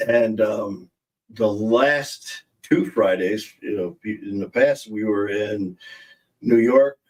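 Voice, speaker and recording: Speaking slowly in a fairly low, darkish voice, a male podcast host rambles through anecdotes and laughs at his own jokes during a casual live stream. He's far from his streaming setup mic.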